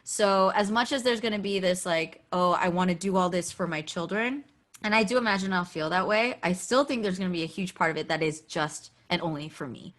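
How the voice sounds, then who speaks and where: A woman podcast guest telling a candid personal story, animated and acting out quoted dialogue, with frequent "like" fillers. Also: medium pitch, fairly quick, hardly any pauses. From United States.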